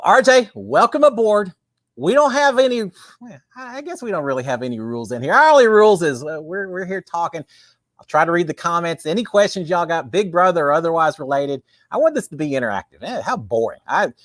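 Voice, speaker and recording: A man's voice: sits high, fairly bright tone, no room sound, studio quality. A man with a Texan accent hosting a casual live-stream chat, folksy and chatty, greeting viewers and reading their comments. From Texas. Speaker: livestream host. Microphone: webcam with green screen.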